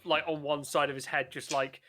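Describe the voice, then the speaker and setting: A man's voice: fairly high pitch, level tone, fairly quick, bright, forceful tone. A man playing a tabletop game who comments in a wry, joking way. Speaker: player.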